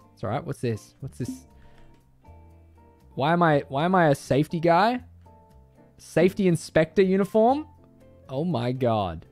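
A man streaming a game, giving casual commentary in a joking, excitable way and swearing freely. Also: medium pitch.

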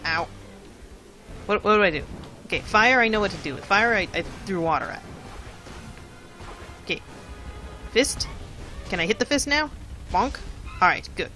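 A let's play commentator with a mid-range voice and a bright, crisp tone chats to themselves while playing, thinking aloud. They repeat short words rhythmically to time each move, with faint game music underneath.

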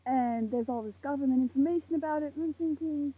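An eighteen-year-old woman ranting to camera outdoors at night, heated and swearing, with a very husky voice. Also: high-pitched, quick pace, few pauses, slight background noise. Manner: heated, swearing, preachy outbursts. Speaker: vlogger. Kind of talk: impassioned rant to camera. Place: outdoors in a parking lot at night under a makeshift roof. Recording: tinny phone-like lo-fi sound.

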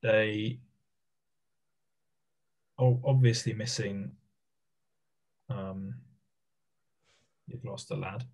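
A man co-hosting a rugby podcast, talking casually in a measured, matter-of-fact way. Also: fairly low pitch, fairly even intonation, a little mellow. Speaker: podcast co-host.

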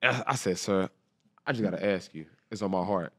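A young man in his twenties, a football player, speaks in a deep voice at a fairly quick clip, recorded clean in a studio with no room sound. In a casual storytelling interview, he earnestly and animatedly retells an emotional story, acting out everyone's lines.

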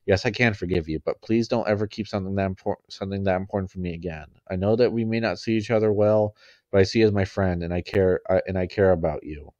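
A man voicing a caring, gentle teenage schoolgirl in a soft, halting way. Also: low voice, no room sound, muffled recording, natural voice.

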